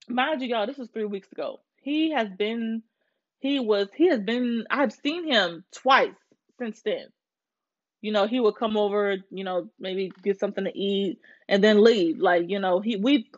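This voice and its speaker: A woman's voice: medium pitch, unhurried. Woman in her twenties, profane venting. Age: 20s. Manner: profane, animated venting to listeners. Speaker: podcast host. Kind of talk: casual storytelling rant. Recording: slightly muffled with faint music.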